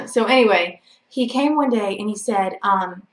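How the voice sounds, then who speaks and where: A woman's voice: mid-range voice, unhurried. A woman telling a personal story to her viewers in a chatty, rambling way. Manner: chatty and rambling, full of "like" and "you know". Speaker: vlogger. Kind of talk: casual storytelling to camera. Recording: echoey room.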